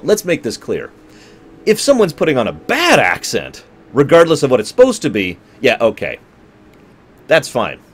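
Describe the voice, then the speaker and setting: A man streaming and chatting casually with his viewers, rambling and correcting himself as he goes. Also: medium pitch. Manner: rambling, conversational, self-correcting; talks to chat viewers.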